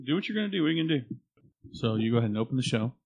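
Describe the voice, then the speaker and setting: A man's voice: mid-range voice, very animated, rapid-fire, a little mellow, no echo, highs cut off. A man co-hosting a podcast in casual banter, joking and laughing often. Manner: joking, laughs often, does mock accents. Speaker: podcast co-host.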